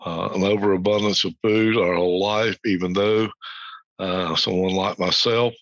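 A man hosts an educational podcast in an unhurried, rambling way, full of "uh"s and restarts. His voice is bright and forward, set a little low. The recording is dry and dull, like a lo-fi home setup. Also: fairly even intonation, no echo. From United States. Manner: rambling, frequent fillers, reads quotes aloud. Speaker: podcast host. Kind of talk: informal educational talk.

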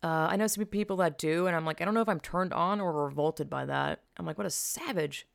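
A woman's voice: on the low side, brisk, vocal fry, smooth, dry recording, clean studio sound. A young woman hosting a podcast and chatting casually on a headset mic, candid and profane, drifting from one tangent to the next. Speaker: podcast host. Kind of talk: casual rambling chat.

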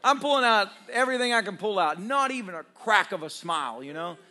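Male pastor, storytelling sermon, high voice, bright tone, jokey, laughs through his lines, talks to the congregation. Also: animated, a little fast. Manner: humorous, self-deprecating, laughs often while talking; conversational, addresses congregation directly.

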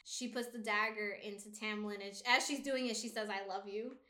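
A young woman co-hosting a book chat, retelling the plot in an animated, profane way. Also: medium pitch, a little fast, echoey room. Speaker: book discussion co-host. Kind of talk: casual chat.

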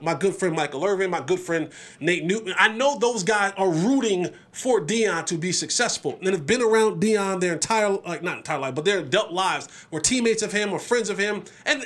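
A man hosting a solo sports podcast, talking in an animated, emphatic way and often repeating words as he builds his points. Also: sits high.

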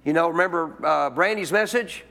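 A man's voice: fairly high pitch, a little fast, vocal fry, sharp tone. A man preaching a sermon to a congregation, emphatic, asking questions and repeating his points. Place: church.

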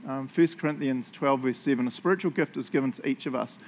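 A man's voice: mid-range voice, fast, darkish tone, slight background noise. A middle-aged man with a New Zealand accent, preaching a sermon in a casual, self-mocking storytelling way. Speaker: pastor.

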